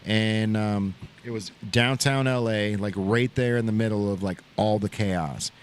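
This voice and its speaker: A man's voice: fairly low pitch, measured pace, clean tone. A man hosting a podcast, telling a long casual story in a rambling way, full of "like" and "bro", recorded in an open shop. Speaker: podcast host. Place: open shop at a riverside shopping center.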